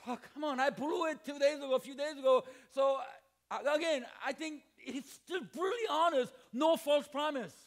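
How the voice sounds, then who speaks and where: A middle-aged man preaching a sermon to students in a church hall, animated and joking, acting out dialogue and shouting at emphatic points. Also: very high voice, moderate pace. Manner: animated, acts out dialogue and jokes. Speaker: pastor.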